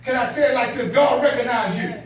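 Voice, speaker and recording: High-pitched preacher shouting in an echoey church. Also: male voice, fairly even intonation, fairly quick, crowd noise. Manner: preaching with shouted call-and-response cadence. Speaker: pastor. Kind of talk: sermon. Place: church sanctuary. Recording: echoey church hall, mic off at a distance, congregation noise. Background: congregation responding.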